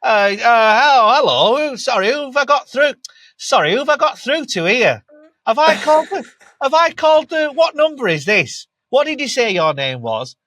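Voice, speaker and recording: A man's voice: very high voice, big pitch swings, normal speed, a bit bright, dry recording, voice pushed up, full character voice. A man playing a bumbling, dim-witted young northern man on the phone, stammering and confused with an exaggerated Northern English accent. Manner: stammering, confused, overly polite.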